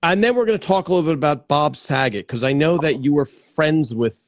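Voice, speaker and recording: A man's voice: a little high, fairly quick, no room sound, clean studio sound. A man hosting a casual live stream, chatting and greeting viewers by name as he goes, with frequent restarts. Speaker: livestream host. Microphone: plugged-in desk microphone.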